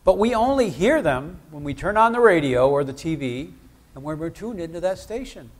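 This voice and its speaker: A man preaching a sermon in church, talking conversationally and asking the congregation questions. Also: a little high.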